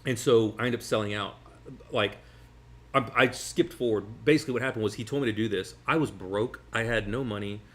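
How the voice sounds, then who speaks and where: Man, magician guest, quick rambling storyteller, lowish voice. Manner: rambling, animated, many restarts. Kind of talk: casual storytelling chat. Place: sitting at a table over food.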